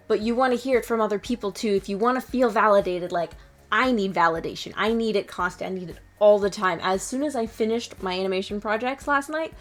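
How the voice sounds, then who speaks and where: A woman in her twenties giving casual motivational advice to fellow students, candid and self-mocking with some swearing. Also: medium pitch. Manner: playfully acts out her own excited lines. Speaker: student vlogger. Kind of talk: casual motivational vlog talk.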